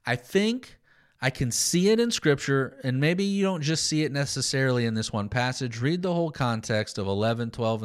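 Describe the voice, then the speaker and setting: A man teaching Scripture on a podcast, explaining passages with sarcastic asides. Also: mid-range voice.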